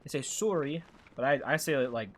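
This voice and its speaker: Speaking a little fast in a mid-range voice, a young man from Alberta streams a game live. His light Canadian accent comes through as he chats casually and ramblingly, reading questions from chat aloud and answering each.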